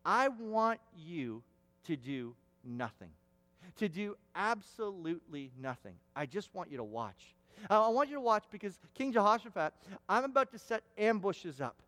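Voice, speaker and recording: A man's voice: high-pitched, big pitch swings, normal speed, fairly bright tone, pitched above the performer's own voice. A man voicing God as an urgent, commanding divine presence in a sermon, with a long hall reverb. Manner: insistent, raised and pleading.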